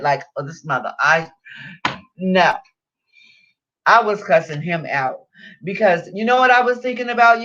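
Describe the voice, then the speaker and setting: A woman vlogger telling a story in a casual rant, heavy on swearing, acting out what people said. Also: on the low side. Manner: profane, animated storytelling with acted-out quotes. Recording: dull lo-fi sound.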